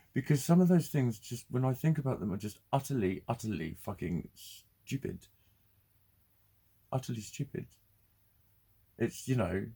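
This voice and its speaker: A man's voice: mid-range voice, warm tone, husky. A man ranting bluntly and swearing in a casual vlog. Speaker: vlogger. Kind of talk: casual ranting monologue to camera.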